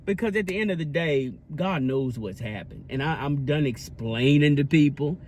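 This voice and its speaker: A man's voice: fairly high pitch, normal speed, darkish tone, a little hiss or hum. A man vlogging in a casual, preachy style, earnest and repetitive, with a sermon-like cadence. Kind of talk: casual preachy vlog talk.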